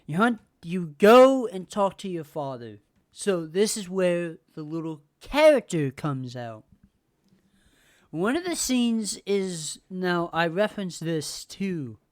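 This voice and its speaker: A woman's voice: fairly low pitch, very animated, takes it slowly, darkish tone. A woman hosting a podcast, ranting casually and heatedly with lots of swearing and repetition. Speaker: podcast host. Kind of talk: casual rant.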